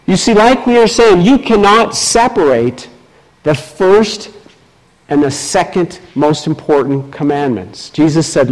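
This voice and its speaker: A man preaching a sermon as pastor, reading scripture aloud with emphatic delivery. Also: rough recording. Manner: slow, emphatic preaching with lively swings in pitch.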